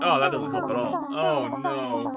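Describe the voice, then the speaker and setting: A live streamer chatting casually while working, rambling in self-talk and breaking into sudden loud outbursts and swearing. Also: medium pitch, wildly swooping pitch, measured pace, over a noisy crowd.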